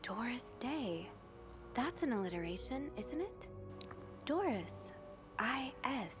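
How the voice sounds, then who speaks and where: A woman voicing a young game character in whispered role-play, hinting softly at puzzle clues in a breathy whisper. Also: a little high, very animated, slow pace, music in the background. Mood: hushed. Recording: game audio with ambient noise.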